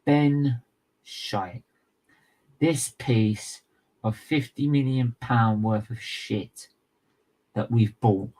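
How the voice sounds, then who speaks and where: Slow, furious sweary Englishman ranting. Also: mid-range voice, warm tone, rough recording. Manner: furious, sweary, emphatic and repetitive. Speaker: football fan channel co-host. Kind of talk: angry match reaction rant.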